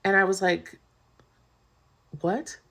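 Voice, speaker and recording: A woman's voice: lowish voice, steady tone, moderate pace, creaky. A woman vlogger candidly telling a personal story in a casual, chatty way, full of "like".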